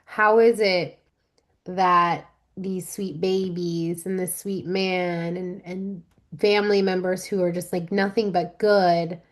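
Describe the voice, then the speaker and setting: A woman's voice: on the low side, level tone, slow. A woman co-hosting a podcast in casual chat, earnest and full of fillers. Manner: earnest, lots of likes and fillers. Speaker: podcast co-host.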